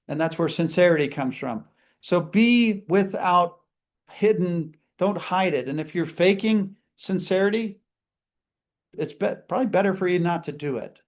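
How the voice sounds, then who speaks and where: A man with a high voice teaches a live customer service seminar. He talks with energy and slips into short acted-out greetings to show how a phone call should sound. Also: lively intonation, normal speed.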